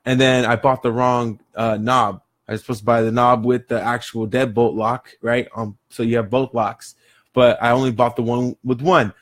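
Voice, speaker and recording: Animated man telling a rambling story. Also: medium pitch. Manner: animated, rambling, laughs between phrases. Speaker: vlogger telling a daily story. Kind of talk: casual storytelling to camera.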